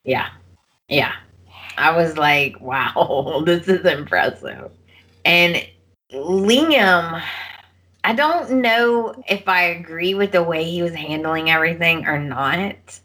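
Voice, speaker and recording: Female podcast co-host, slow and bright, retells scenes with quoted lines. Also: on the low side, breathy edge. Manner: animated retelling, acting out characters' lines. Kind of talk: casual soap opera recap chat.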